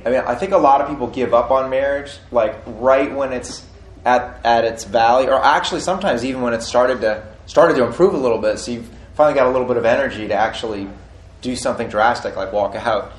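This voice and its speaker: A man in his forties, co-hosting a casual marriage-advice chat, who talks in halting bursts with many restarts. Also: medium pitch. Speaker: podcast co-host. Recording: echoey room with faint noise.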